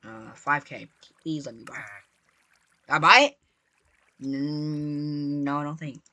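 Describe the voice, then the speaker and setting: An excitable gaming creator giving live gameplay commentary, chatty and repetitive, constantly talking to viewers and bursting into shrieks when startled. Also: mid-range voice, slow, dry recording. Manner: repetitive, chatty, playful slang.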